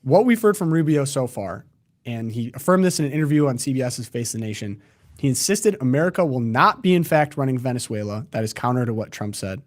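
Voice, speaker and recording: A man's voice: mid-range voice, animated, a little fast. A man co-hosting a podcast, casually discussing the news and reading out quotes. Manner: conversational, reads quotes aloud. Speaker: podcast co-host.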